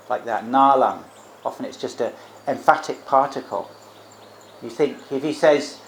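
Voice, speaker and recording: A man serving as a monk teacher gives a reflective Buddhist Dhamma talk, explaining terms and tacking on rhetorical tag questions. His voice is medium-pitched at a moderate pace, and the recording has a roomy echo with faint background noise.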